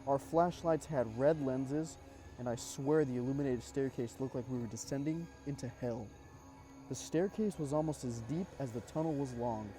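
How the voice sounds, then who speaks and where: A man narrating a first-person horror story in a measured, suspenseful way, dropping casual asides. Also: mid-range voice, mellow, soft background music.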